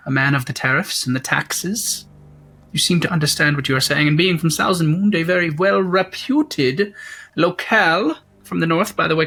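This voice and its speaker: A man's voice: a little high, vocal fry, sharp tone, voice pushed up. A man voicing a greedy, fussy male tax collector covered in jewelry, officious and haughty. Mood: smarmy.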